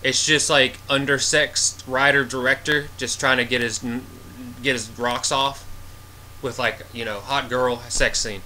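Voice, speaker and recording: Exasperated rambling guy, bright voice. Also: mid-range voice, level tone, unhurried, a little hiss or hum. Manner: rambling and exasperated, heavy use of filler words. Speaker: movie reviewer. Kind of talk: casual spoken review.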